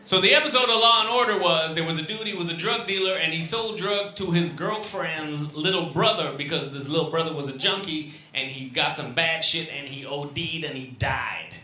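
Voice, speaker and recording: A man doing a stand-up routine, animated and profane, swinging from shouting to muttering, recorded in an echoey club room with ambience. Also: a little high, normal speed, hardly any pauses, a little hiss or hum. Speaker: stand-up comedian.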